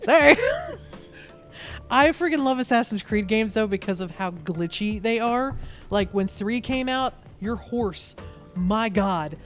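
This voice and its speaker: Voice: medium pitch, unhurried, faint music behind. A podcast co-host chatting casually and acting out the voices in a story. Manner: animated storyteller, acts out voices. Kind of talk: casual chat.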